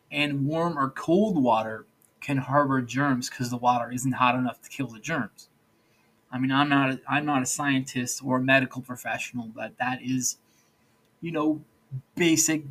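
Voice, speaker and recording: A man's voice: mid-range voice, a bit bright, slightly rough, rough recording. A man hosting a solo podcast, talking in a loose, rambling way with frequent restarts. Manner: rambling, loose, with many restarts and "all right, so". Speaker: podcast host.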